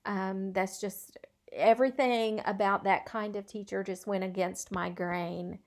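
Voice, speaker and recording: A middle-aged woman, a college instructor and former schoolteacher, gives a recorded video lecture in a medium-pitched voice with fairly even intonation, a little slow. Her manner is earnest and conversational, sprinkled with frequent ums and uhs.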